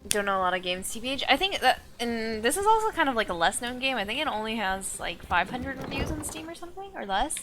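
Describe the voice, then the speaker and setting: A woman's voice: a little high, very animated, background noise. A woman, chatting casually through live gameplay commentary. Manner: chatty, talks to chat, quick asides. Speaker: game streamer.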